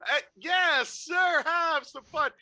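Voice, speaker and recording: A game master voicing an adult male clown whose jolly act hides a gruff drinker, swinging between forced cheer and cursing. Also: very high voice, slow, sharp tone, shouting, voice pushed up, full character voice. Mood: sarcastic cheer.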